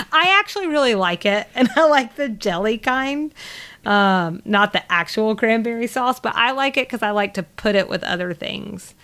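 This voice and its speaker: A woman's voice: on the high side, expressive, measured pace, fairly bright tone. A woman from the American South with a Southern accent, co-hosting a podcast and recapping an episode in loose, rambling chat full of fillers. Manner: rambling, many fillers and restarts. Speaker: podcast co-host.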